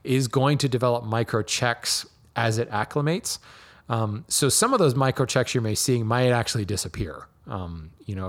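A man hosting a show, answering listener questions in a relaxed, explanatory way with frequent ums and restarts. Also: mid-range voice. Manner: relaxed, many ums and restarts, laughs lightly. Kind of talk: casual explanatory talk.

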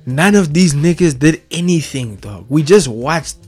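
A young man rants casually about football, excitable and slang-heavy, tagging nearly every phrase with street slang. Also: on the high side, a little slow, faint music behind. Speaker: vlogger.

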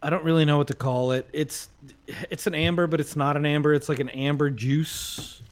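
Joking, profane man, a bit high. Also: steady tone. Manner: profane, joking, quick laughs. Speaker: podcast co-host. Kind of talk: casual chat over beers.

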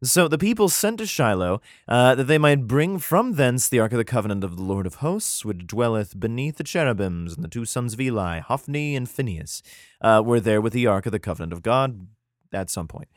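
A young man reads archaic scripture in a dry, close-miked voice, stopping often to mock it with crude, sarcastic asides. His voice sits in an ordinary middle pitch for a man. The reading swings between formal verse and blunt, swearing commentary. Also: very animated, a little fast, no echo. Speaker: host reading scripture aloud. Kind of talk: irreverent comedic reading with profane asides.

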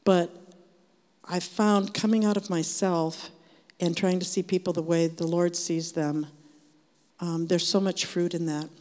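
An older woman with a low voice shares a faith testimony with her church group. She tells it earnestly and conversationally, with the long reverb of a large hall behind her words. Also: level tone, measured pace, a little mellow. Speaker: member of a church group sharing.

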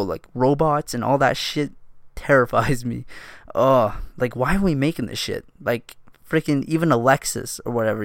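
A man's voice: medium pitch, dry recording, studio quality. A man hosting a solo podcast in loose casual chat, swearing and laughing often as he drifts from thought to thought. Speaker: podcast host.

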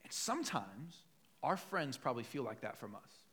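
A man's voice: mid-range voice, very animated, moderate pace, a bit bright. A man preaching a sermon in a conversational, storytelling way, acting out quoted voices. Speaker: pastor.

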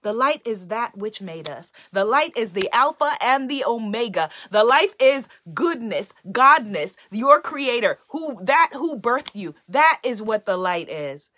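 Woman, high-pitched, bright tone, spiritual self-care coach, affirming, repetitive, uplifting, live stream from home. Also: sing-song, unhurried, hardly any pauses. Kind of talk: live-streamed inspirational talk.

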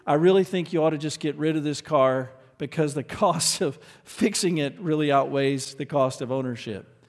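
A man preaching a sermon in an earnest way, moving from quiet asides to loud emphatic lines. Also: fairly high pitch, normal speed, in a large hall.

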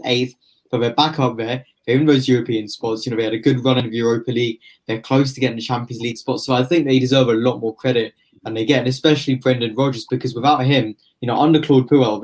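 A man's voice: medium pitch, fairly even intonation, quick pace, a little mellow. A man talking through football analysis in a casual podcast discussion, confident and building his points at length. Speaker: football pundit.

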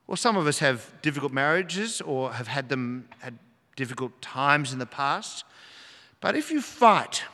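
An older male pastor preaching in a church, his voice carrying a long reverb through the hall. He tells the story dramatically, dropping low and then surging up for emphasis. His pitch sits in the middle range for a man. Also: normal speed, pushed and bright. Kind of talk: sermon.

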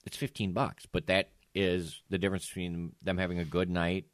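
A man's voice: deep voice, little pitch movement, normal speed, no echo. A man co-hosting a podcast, telling stories in casual chat and swearing when he gets worked up. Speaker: podcast co-host.

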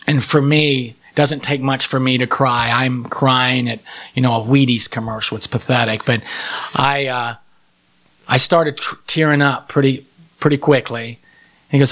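A man's voice: medium pitch, fairly even intonation, moderate pace, a bit bright. A man in his forties, sharing a heartfelt personal testimony as a podcast guest, earnest and emotional, with frequent restarts.

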